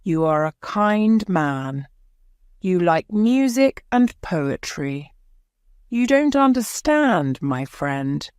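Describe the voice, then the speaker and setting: A woman's voice: fairly low pitch, big pitch swings, slow pace, a little mellow, clean tone, dry recording, studio quality. A woman voicing a boastful, greedy male army sergeant in an audiobook, blustering as she speaks. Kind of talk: audiobook character voice.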